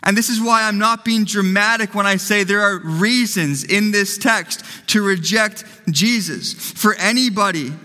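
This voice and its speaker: A man's voice: high-pitched, a little slow, hardly any pauses, sharp tone, big-room sound. A man preaching a sermon as pastor, emphatic and fond of repeating phrases for effect.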